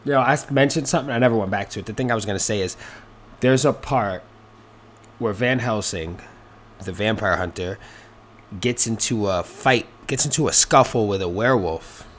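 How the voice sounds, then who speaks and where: A man's voice: fairly low pitch, normal speed, fairly bright tone, slight background noise. A man hosting a casual solo podcast, rambling and swearing freely, with many fillers and restarts. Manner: rambling, profane, lots of fillers. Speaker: podcast host.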